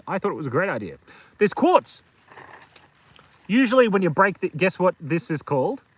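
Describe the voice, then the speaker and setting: Man, slightly high voice, goofy jokes, rambling fillers, outdoor live stream on a phone. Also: dry recording, low-quality recording. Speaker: kids' channel host. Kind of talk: casual live-stream chat. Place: outdoors on a hilltop.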